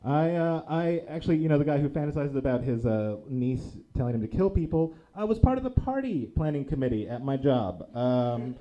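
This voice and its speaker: A young man performs stand-up on a small theater stage, spinning self-mocking stories. His pitch leaps around animatedly. The voice sits in the middle range. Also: animated, a little fast, hardly any pauses, dull audio. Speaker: stand-up comedian. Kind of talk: stand-up comedy set.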